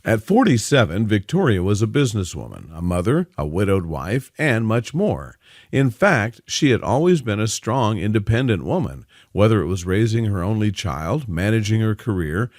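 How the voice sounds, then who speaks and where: A man's voice: lowish voice, very animated, normal speed, a little mellow, no room sound, clean studio sound. A man narrating a scripted dramatic story.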